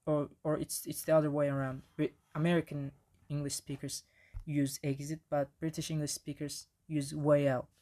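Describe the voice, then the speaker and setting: A man's voice: a little high, little pitch movement, normal speed, dark tone. Man giving a casual slide lecture. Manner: casual, frequent restarts and fillers.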